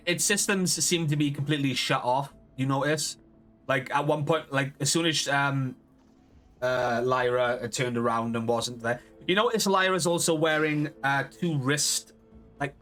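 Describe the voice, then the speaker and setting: A man's voice: on the high side, normal speed, pushed and bright, soft background music. Rambling male game master. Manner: loose, filler-heavy narration. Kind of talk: narrating a tabletop game.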